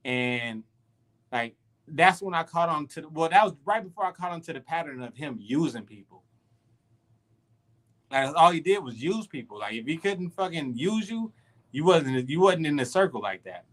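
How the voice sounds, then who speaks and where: Man, casual podcast storyteller, slangy, animated, lots of restarts, slightly high pitch. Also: normal speed. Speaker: podcast co-host.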